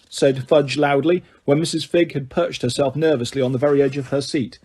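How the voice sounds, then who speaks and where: A man's voice: medium pitch, fairly quick, hardly any pauses, dark tone, husky. A man reading an audiobook aloud as narrator, telling the story steadily.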